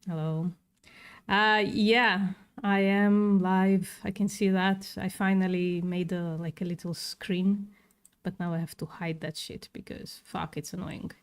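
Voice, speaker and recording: A woman's voice: fairly low pitch, flat delivery, a little slow, clean tone. A woman livestreaming in casual chat, sarcastic and swearing freely, with a non-native English accent.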